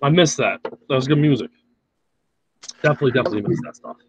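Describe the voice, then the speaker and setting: A man co-hosting a casual shop-talk podcast, joking and profane, with a husky voice. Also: mid-range voice, highs cut off, slight background noise. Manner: joking, profane, drawn-out slow remarks. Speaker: podcast co-host. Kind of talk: casual chat.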